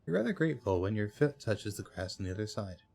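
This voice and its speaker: A man's voice: on the low side, very animated, fast, vocal fry, a little mellow. Hesitant man reading game text aloud. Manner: hesitant, with fillers and self-corrections. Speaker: let's play host.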